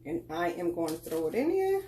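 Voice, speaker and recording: A woman's voice: fairly low pitch, very animated, brisk, dark tone, a little hiss or hum. A woman hosting a live cooking tutorial, giving folksy, instructive directions and calling her viewers child and girl. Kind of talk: casual live cooking demonstration.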